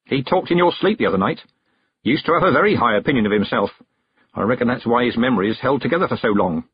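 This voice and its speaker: A man doing a stern, gruff old witch. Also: mid-range voice, lively intonation, a little hiss or hum, natural voice. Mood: dry. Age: older. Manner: brisk, commanding, clipped. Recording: dull, dry close recording.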